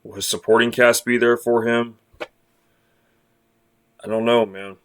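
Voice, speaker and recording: A man's voice: medium pitch, level tone, measured pace, a bit bright, smooth. A man giving casual basketball bracket predictions, blunt and sarcastic, ranting with frequent restarts and fillers. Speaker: sports commentator.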